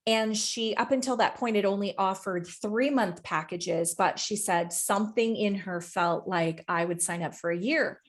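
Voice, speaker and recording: A woman's voice: mid-range voice, moderate pace, few pauses. A woman co-hosting a podcast and coaching, chatting casually and candidly, swearing freely as she tells stories with animation.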